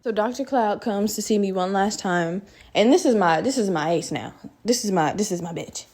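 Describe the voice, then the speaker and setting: A woman hosting a podcast who tells her own story in a loose, animated way. She swears freely and keeps turning to her listeners. Her voice sits at an ordinary middle pitch for a woman. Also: normal speed. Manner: profane, animated, talks straight to listeners. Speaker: podcast host. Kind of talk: casual storytelling.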